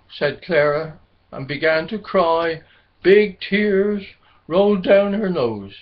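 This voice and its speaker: Slow, gentle male storyteller. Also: on the high side, expressive. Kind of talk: children's storybook narration. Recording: dull lo-fi recording.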